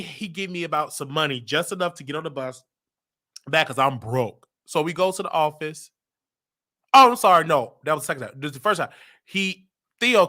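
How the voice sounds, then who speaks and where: A man from Chicago with a Chicago accent, telling a personal story casually and acting out what people said with big jumps in his voice. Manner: animated, acts out quotes with big pitch jumps.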